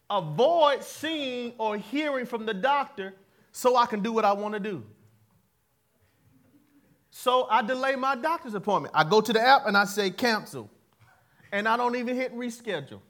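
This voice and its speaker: A man preaching a sermon, leading the congregation in call-and-response, moving between soft asides and loud emphatic lines, laughing at his own jokes. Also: high-pitched. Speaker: pastor.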